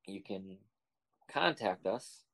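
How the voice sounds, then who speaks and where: A man's voice: low voice, lively intonation, slow pace, vocal fry, a bit bright. A man hosting a podcast in casual, joking chat, laughing often and rambling loosely. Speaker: podcast host.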